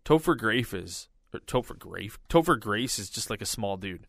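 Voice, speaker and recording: A man's voice: on the low side, expressive, normal speed, creaky, a bit bright, dry recording, studio quality. A man co-hosting a casual podcast, rambling with lots of "like" fillers. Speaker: podcast co-host. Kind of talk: casual chat.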